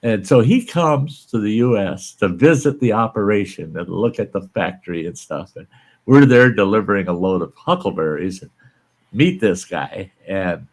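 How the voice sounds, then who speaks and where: Folksy older American man, lively low voice. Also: normal speed. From American West. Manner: folksy, chuckles while telling stories. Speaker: channel host. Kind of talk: casual storytelling chat.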